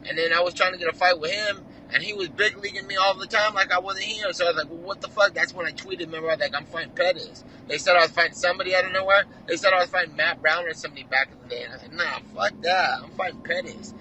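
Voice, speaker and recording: A man talking fast and loose over a remote video call, rambling through a heated story with slang and constant swearing. His voice is very bright and forward, pitched a bit high, with faint noise under the call audio. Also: steady tone, poor audio. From California. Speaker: fighter guest. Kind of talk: casual profane interview talk.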